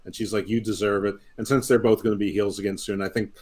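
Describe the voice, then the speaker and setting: A man's voice: lowish voice, fairly even intonation, quick pace, a little mellow, breathy edge. A man co-hosting a wrestling podcast, giving opinionated, rambling rants full of stammered restarts. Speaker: podcast co-host, wrestling pundit. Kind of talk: casual chat.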